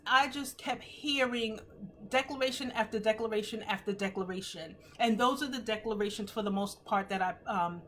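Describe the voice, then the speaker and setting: A woman in her fifties giving an earnest, emotional testimony on a live stream from home, teary at times, with animated swings in pitch. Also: a little hiss or hum. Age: 50s. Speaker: host of a faith livestream. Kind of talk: casual live talk, testimony.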